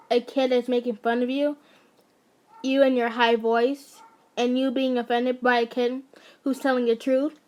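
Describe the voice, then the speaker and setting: A woman's voice: high voice, highs cut off. A woman voicing a cocky young captive who talks bluntly and mockingly.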